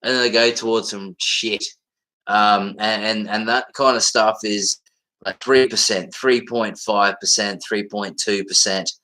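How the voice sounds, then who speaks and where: A man with a strong Australian accent talks loosely on a livestream, his voice bright and forward. He rambles and swears freely, and his speech is full of fillers and restarts. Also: on the low side, steady tone, unhurried, rough recording. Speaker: livestream host. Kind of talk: casual livestream chat.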